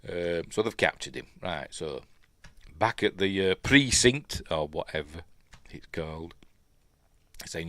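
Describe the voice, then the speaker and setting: Deep-voiced Yorkshire man rambling through a film. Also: normal speed, fairly bright tone, no room sound. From Yorkshire, England. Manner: rambling and chatty, with frequent ums and asides. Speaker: film reviewer. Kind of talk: casual commentary talking over a film as it plays.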